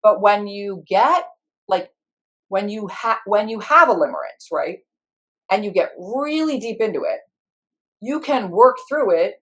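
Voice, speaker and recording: A woman's voice: medium pitch, animated, unhurried, fairly bright tone. A middle-aged woman, an IFS practitioner, telling a story in conversation and acting out her inner parts in quoted voices.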